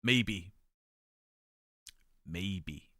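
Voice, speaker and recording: Bright-voiced chatty man streaming live. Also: low voice, drawn-out words, no echo, studio quality. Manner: chatty, opinionated, swears freely. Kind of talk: casual live chat reading comments. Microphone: desk microphone, pulled close.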